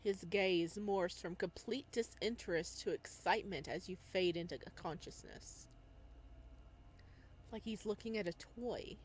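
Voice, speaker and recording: A woman playing a game, reading its narration aloud and reacting excitedly, talking back to the character. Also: medium pitch, measured pace, a little hiss or hum. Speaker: game player.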